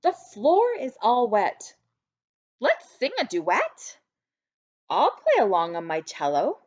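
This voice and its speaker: A woman's voice: on the high side, wildly swooping pitch, takes it slowly, full character voice. A woman voicing a cheerful, giddy little girl who eagerly mishears everything her mother says, in a storybook reading. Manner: bright, eager and bouncy. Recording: dull lo-fi recording.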